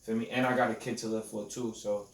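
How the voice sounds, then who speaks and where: A podcast host in his twenties tells stories casually in street slang, often asking if you feel him. His fairly low voice is level and fast, captured on a distant mic with roomy echo and faint noise.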